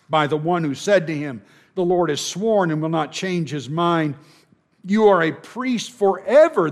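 A man preaching a sermon, building to emphatic peaks and dropping to quiet asides as he reads and explains scripture. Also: on the high side. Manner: emphatic, swings between rising intensity and quiet asides.

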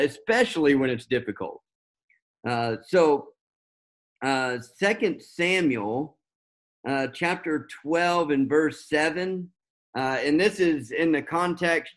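A man preaching a sermon, talking unscripted with many fillers and restarts. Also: a little high.

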